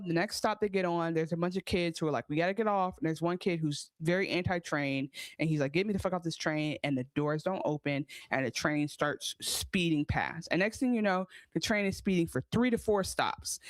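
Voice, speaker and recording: A woman gives a lively, casual recap of a TV episode, acting out her own reactions along the way. Her pitch jumps around a lot. The sound is dry and close. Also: normal speed, few pauses, no echo. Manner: animated, swearing, acts out her own reactions. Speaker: podcast co-host.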